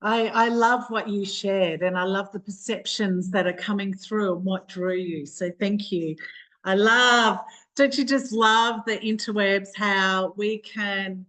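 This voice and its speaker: A woman's voice: mid-range voice, fairly even intonation, measured pace, a bit bright. A woman hosting a group video call, talking in an effusive, gushing, rambling way. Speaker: call host.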